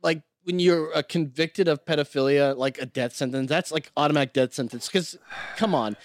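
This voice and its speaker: A man's voice: a little high, normal speed, dry recording, clean studio sound. A man hosting a crude casual podcast, joking, swearing and stumbling while reading aloud. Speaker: host.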